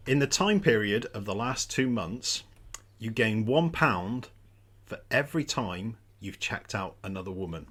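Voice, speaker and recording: A man's voice: on the low side, big pitch swings, unhurried, a bit bright. A man chatting on a podcast as co-host, boastful and jokey. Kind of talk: casual chat.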